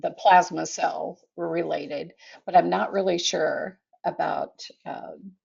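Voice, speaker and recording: Woman, low-pitched, slow and halting, husky voice, lo-fi call audio. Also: steady tone, a little mellow. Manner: slow and hesitant, many fillers. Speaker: support group member. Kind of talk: casual video call chat. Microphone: video call.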